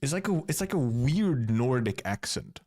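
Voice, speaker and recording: With a mid-range, sing-song voice that's a little mellow, a streamer from Finland talks at normal speed. He chats casually as he reviews game content in his live-stream commentary, rambling and restarting his words.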